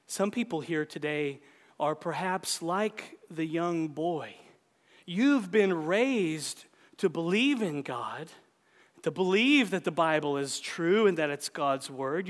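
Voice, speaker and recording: Male preacher, earnest, measured sermon delivery, high-pitched voice, long hall reverb. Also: expressive. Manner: earnest, measured, direct address. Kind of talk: sermon with story reading.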